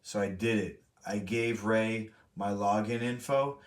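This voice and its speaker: Low-voiced young man, rambling and roomy. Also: fairly even intonation, unhurried. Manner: rambling, profane, self-correcting. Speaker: streamer host. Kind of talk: casual storytelling to a live chat. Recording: roomy, from a distant mic.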